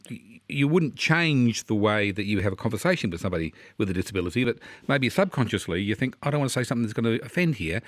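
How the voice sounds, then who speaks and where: An Australian man hosting a radio interview from a studio, talking quickly with frequent restarts. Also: medium pitch, no room sound. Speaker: radio host.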